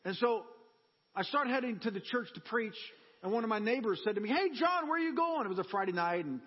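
A man's voice: high voice, quick pace, slightly rough, in a large hall, dull audio. A man preaching a sermon in a church, telling personal stories with humor and energy. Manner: animated personal storytelling with humor.

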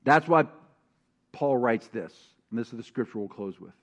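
A man preaching a sermon as pastor, telling a personal story and reading scripture, animated and calling on the congregation to answer back. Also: medium pitch, moderate pace. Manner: animated, calls for congregation responses.

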